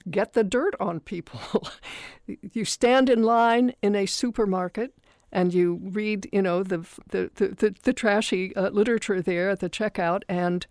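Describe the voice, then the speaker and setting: Woman prof talking on the radio, bit of vocal fry, dry mic, wanders off into wry asides. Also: medium pitch, steady tone, unhurried, a little mellow, dry recording. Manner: reflective, wry, digressive. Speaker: philosophy professor, radio guest. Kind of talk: thoughtful conversational explanation.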